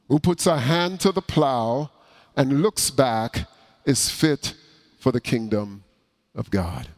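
Slow, deliberate male preacher. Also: mid-range voice. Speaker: pastor. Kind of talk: sermon.

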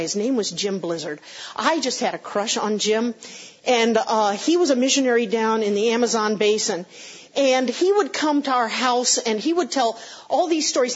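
A woman's voice: a little high, husky, dull audio. A middle-aged woman pastor preaching a conversational sermon, with self-deprecating humor, answering her congregation.

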